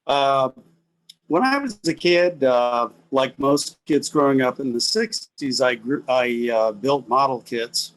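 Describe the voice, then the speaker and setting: A man in his sixties speaks slowly over a video call, pausing often and filling gaps with "uh." His pitch sits mid-range, and he sounds like he is casually reminiscing. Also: lively intonation, poor audio. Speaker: author presenting his book.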